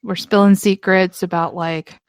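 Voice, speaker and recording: A woman's voice: medium pitch, steady tone, moderate pace, no room sound, clean studio sound. A woman co-hosting a casual podcast chat in a laid-back, teasing way, swearing casually. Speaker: podcast co-host.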